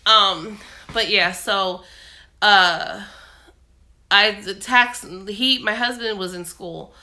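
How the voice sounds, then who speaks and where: A woman's voice: mid-range voice, takes it slowly, pushed and bright. A woman vlogging casually at home, sick with a cold and her voice coming and going, telling a long rambling story full of fillers. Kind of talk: casual chat.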